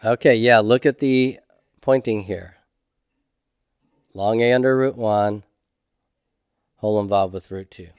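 A man's voice: on the low side, unhurried, long pauses, a little mellow, smooth, dry recording, studio quality. A man teaching a homework review lecture, patiently asking questions and answering them himself. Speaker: Hebrew instructor.

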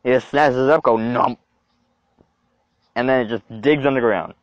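A young man giving reaction commentary as a video creator, animated and exclaiming to himself. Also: mid-range voice, quick pace, dry recording. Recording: dull lo-fi dry recording.

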